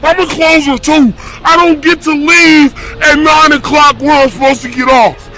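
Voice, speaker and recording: A man who cooks for a fast food place rants at a camera in a very high, gravelly voice. He shouts and swears from start to finish. He is close to tears and worn out. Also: steady tone, rough recording. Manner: shouting and cursing in exasperation. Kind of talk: ranting to a camera.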